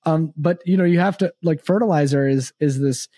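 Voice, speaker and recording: A middle-aged man hosting a podcast, talking earnestly with many halting restarts. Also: a little high, dark tone, no echo, studio quality. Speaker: podcast host. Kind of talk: casual podcast conversation.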